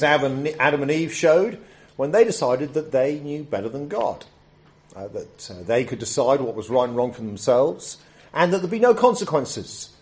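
A man in his fifties preaching a sermon. He reads scripture solemnly, prays quietly, then talks in a conversational way with restarts and fillers. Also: medium pitch. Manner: solemn scripture reading, hushed prayer.

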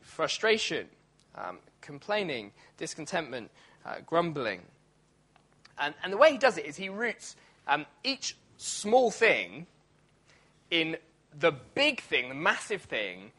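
A man's voice: fairly high pitch, pushed and bright. A man preaching a sermon in a church, talking in a conversational way with many fillers and restarts, now and then acting out grumbling voices.

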